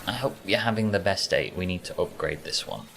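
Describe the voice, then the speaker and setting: A man's voice: deep voice, lively intonation, a little fast, vocal fry, background noise. A man with a Yorkshire accent chatting casually to viewers while streaming a game from his bedroom, easygoing and rambling. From Yorkshire, England. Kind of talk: casual live-stream chat while gaming. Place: warm home bedroom.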